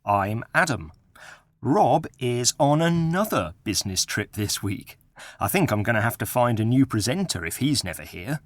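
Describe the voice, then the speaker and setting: A man presenting an English-learning podcast, explaining clearly and speaking directly to listeners. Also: medium pitch, big pitch swings, moderate pace, no echo. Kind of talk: scripted educational podcast narration.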